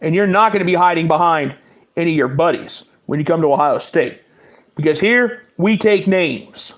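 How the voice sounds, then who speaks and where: A man's voice: a little high, lively intonation, moderate pace. A man hosting his own sports podcast, taunting and repeating himself in a fiery solo rant. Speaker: podcast host.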